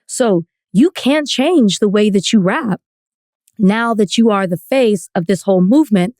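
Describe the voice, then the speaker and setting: A woman's voice: medium pitch, lively intonation, a little slow, a little mellow, no echo, studio quality. A woman co-hosting a casual podcast, reasoning aloud thoughtfully with some stammers. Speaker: podcast co-host.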